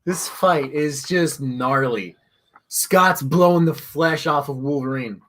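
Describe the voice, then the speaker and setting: A man's voice: a little high, takes it slowly, a bit bright, slight background noise. A man reviewing comic books in casual chat, reacting with enthusiastic praise.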